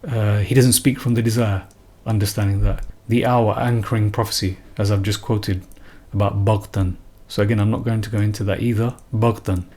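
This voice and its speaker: A man's voice: lowish voice, flat delivery, moderate pace, few pauses, mellow. A man giving an unscripted religious talk, earnest and emphatic, often repeating and restarting phrases. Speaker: religious commentator.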